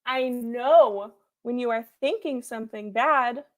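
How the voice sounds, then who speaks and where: Woman host, higher voice, home livestream, earnest repeated affirmations, playful. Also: slow. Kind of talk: encouraging pep talk to viewers.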